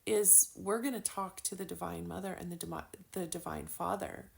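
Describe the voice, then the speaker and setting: Gravelly-voiced woman giving casual spiritual teaching. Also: on the low side, fairly even intonation, normal speed. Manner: chatty, swears casually, many fillers. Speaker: spiritual card reader.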